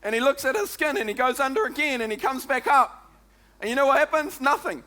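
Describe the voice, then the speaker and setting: This New Zealand pastor's sermon comes in a very high, bright, forceful voice at a fast clip. Chatty and lively with his congregation, he scatters "come on" and "eh?" throughout.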